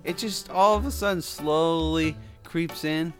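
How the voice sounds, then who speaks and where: A man's voice: fairly high pitch, unhurried, over music. A man co-hosting a podcast, telling stories in casual chat and laughing often. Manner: animated storyteller, laughs often. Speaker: podcast co-host.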